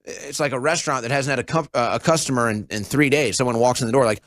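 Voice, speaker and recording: A man's voice: mid-range voice, fast, few pauses, no room sound. A man in his thirties hosting a political talk show, commenting with sarcasm and mocking impressions. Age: 30s. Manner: sarcastic, mocking, animated mimicry. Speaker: show host.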